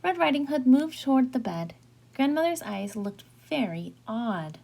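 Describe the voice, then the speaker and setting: A woman teacher narrates a classic fairy tale aloud with lively, dramatic phrasing. Her voice is mellow and husky with a gravelly edge, and its pitch sits a little high. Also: a little slow. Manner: expressive, dramatic storytelling. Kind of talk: storybook read-aloud narration.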